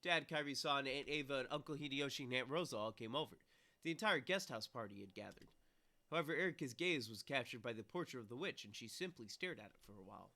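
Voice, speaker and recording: A man streaming a visual novel, reading its narration aloud and breaking off into loud, sweary commentary. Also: medium pitch, fast talker. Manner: reads narration flatly, then swears and rants loudly. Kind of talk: casual let's-play reading and commentary.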